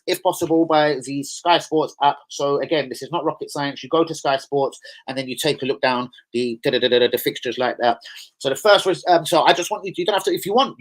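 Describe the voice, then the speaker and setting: A man's voice: fairly high pitch, a bit bright. A man hosting a casual football live stream, rambling and slangy as he answers viewer comments. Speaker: football channel host.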